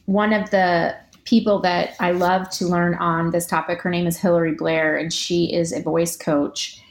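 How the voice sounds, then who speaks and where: A woman physician and public speaker, a guest in an interview, giving earnest, animated advice and acting out quoted lines. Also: lowish voice, unhurried. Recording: roomy echo.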